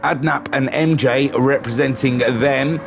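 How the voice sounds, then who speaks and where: Commentating live on a sim racing league stream, a man chats and rambles, tossing in self-deprecating asides. His mid-range, creaky voice keeps a steady tone and measured pace, with music and other background noise behind him.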